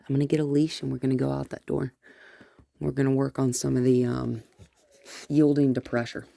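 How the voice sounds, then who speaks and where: A woman dog trainer narrating a live training session, giving gentle, coaxing praise that often drops to a whisper. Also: a bass voice, flat delivery, brisk, vocal fry, pauses often, no echo.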